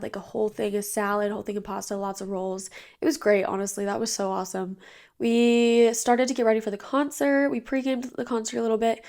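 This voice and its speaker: A woman's voice: a little high, darkish tone. A young woman in her twenties hosting her own podcast, chatting casually and bubbly about her weekend, sounding tired and a little nasal. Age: 20s. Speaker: podcast host. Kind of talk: casual chat. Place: bedroom with blinds drawn.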